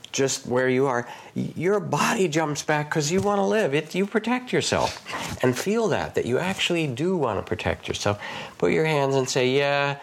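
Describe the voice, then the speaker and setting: Gravelly, gentle meditation teacher man. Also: medium pitch. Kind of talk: gentle guided reflection.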